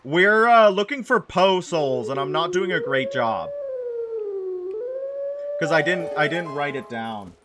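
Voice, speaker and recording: A man's voice: on the high side, lively intonation, unhurried, long pauses, background noise. A man chatting casually with viewers while playing a game, rambling and correcting himself. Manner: rambling, self-correcting, reassuring chat. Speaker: game streamer. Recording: game music playing under the voice. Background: game music.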